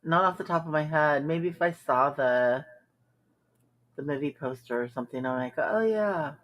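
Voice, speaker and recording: A woman hosts a live stream, reacting to viewer comments in blunt, sarcastic casual chat full of ums. Her voice is deep, her delivery flat, and her pace moderate.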